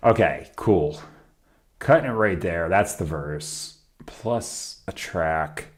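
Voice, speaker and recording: A man talking casually on a live stream while recording his own song, chatty and self-critical about each take, his voice not fully warmed up. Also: deep voice, expressive, slow pace. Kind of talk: casual live-stream commentary between vocal takes.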